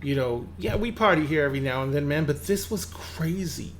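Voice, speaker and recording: A man's voice: a little high, animated, fairly quick, a little hiss or hum, lightly acted. A man voicing a defensive, foul-mouthed male tattoo shop owner who swears freely. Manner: swears freely, streetwise and exasperated.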